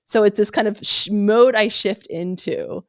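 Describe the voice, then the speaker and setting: A woman's voice: mid-range voice, fairly even intonation, unhurried, no echo, studio quality. A woman who is a psychologist, speaking as a podcast guest in an earnest, storytelling way and laughing easily. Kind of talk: casual interview chat.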